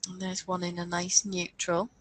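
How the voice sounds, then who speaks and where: A woman's voice: on the low side, monotone, normal speed, no echo, rough recording. A woman co-hosting a casual chat about knitting patterns, thinking aloud and stumbling over designer names. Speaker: podcast co-host.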